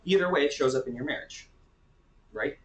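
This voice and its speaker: A man's voice: mid-range voice, lively intonation, brisk, echoey room, low-quality recording. A man who works as a therapist, teaching in a casual, conversational way and often checking in with his listeners.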